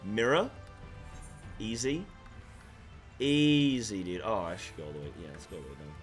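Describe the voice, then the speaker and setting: A man's voice: very deep voice, racing, soft background music. Rambling man, mixed English-American accent. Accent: mixed English and American, shifting. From half English, half American. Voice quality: rambling, lots of "like" and restarts. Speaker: game streamer. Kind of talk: casual chat to a live chat while gaming.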